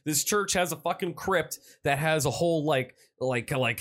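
A man co-hosting a casual chat, recapping a film in a profane, rambling, animated way. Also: on the high side, moderate pace, few pauses. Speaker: podcast co-host.

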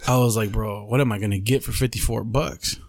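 A man's voice: on the low side, a little fast, gravelly, no room sound. A man hosting a podcast who tells a story in casual chat, swearing freely and calling his listener bro. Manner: profane, slangy, animated storytelling. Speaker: podcast host.

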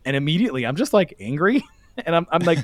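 A man casually telling a long, animated story as a guest, laughing often as he goes. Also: a little high, fast talker, no echo.

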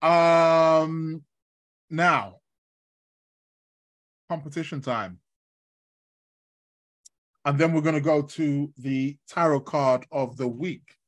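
A man's voice: fairly high pitch, drawn-out words, long pauses. Rambling male astrology host, chatty. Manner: rambling, chatty, full of fillers and shout-outs. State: ill with covid, in bed. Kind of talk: casual live-stream talk. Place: in his bed at home.

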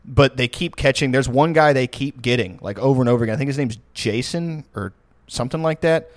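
A man's voice: medium pitch, fairly quick, no echo. Male co-host, loose foul-mouthed storyteller who laughs through his own anecdotes, dry close sound. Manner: rambling storyteller, swears a lot, laughs often. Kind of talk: casual chat.

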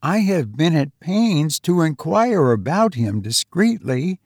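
A man voicing a cautious, hesitant gentleman who speaks in measured tones. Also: fairly high pitch, big pitch swings, dry recording, studio quality, exaggerated voice. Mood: uneasy.

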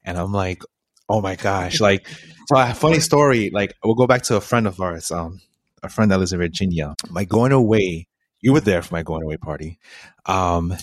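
Here a young man from a Puerto Rican family co-hosts a podcast at home, sitting face to face and casually telling a story with laughter. He has a deep voice at normal speed, with no echo.

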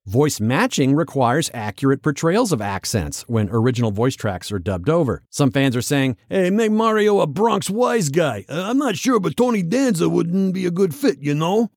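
Male podcast host, casual and animated, with a very lively pitch, recorded dry and close. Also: no echo. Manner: animated, chatty, jumps into quick character voices. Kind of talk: casual solo podcast commentary.

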